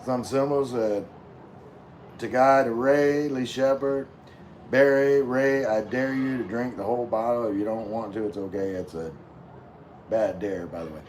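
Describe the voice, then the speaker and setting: A man reading viewer comments on a casual live stream, rambling and relaxed while drinking with his chat. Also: mid-range voice, a little slow, a little hiss or hum. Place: room with floor-to-ceiling window.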